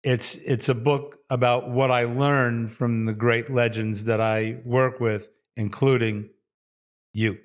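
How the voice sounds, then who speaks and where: At a medium pitch and unhurried pace, a former athletic trainer from New York, now older, spins animated stories during a relaxed interview, frequently breaking into laughter between and within his sentences.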